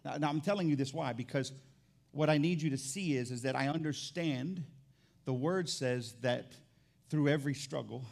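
A man preaching a sermon as pastor in a church, animated and jokey, swinging from loud excitement to quiet emphasis. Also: a little high, normal speed, creaky. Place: church sanctuary.

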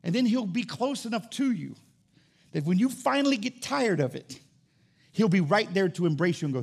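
A man's voice: high voice, sing-song, moderate pace, gravelly, husky. A man preaching a sermon as pastor, building in intensity and acting out back-and-forth dialogue.

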